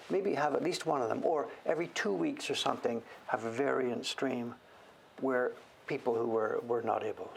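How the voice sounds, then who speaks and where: A man's voice: medium pitch, gravelly, a little hiss or hum. An older man from Canada chatting casually on a livestream, rambling as he works on a carving. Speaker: woodblock printmaker streaming live.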